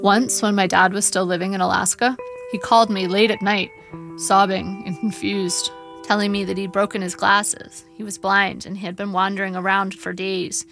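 A woman narrating her memoir in a measured, wry storytelling manner. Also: medium pitch, level tone, creaky. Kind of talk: memoir audiobook reading. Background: faint guitar music.

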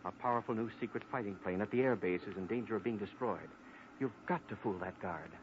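An actor playing a steady federal agent who gives firm, urgent orders, in 1940s radio acting. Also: male voice, fairly low pitch, fast talker, close to an everyday voice. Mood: commanding. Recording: dull old radio recording, faint hiss.

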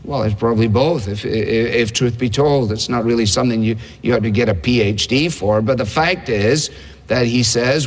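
A man's voice: mid-range voice, moderate pace. A man preaching a sermon in a conversational way, asking rhetorical questions. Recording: long hall reverb.

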